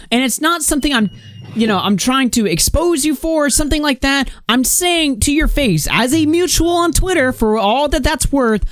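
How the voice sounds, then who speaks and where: A woman's voice: high-pitched, dry recording, clean studio sound. A young woman in her late teens hosting a live online commentary stream, reading posts aloud and ranting bluntly with plenty of swearing.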